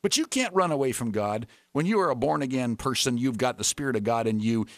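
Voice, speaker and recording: A man preaching a sermon, retelling a story with lively voices for its characters. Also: medium pitch, fairly quick, no echo, studio quality.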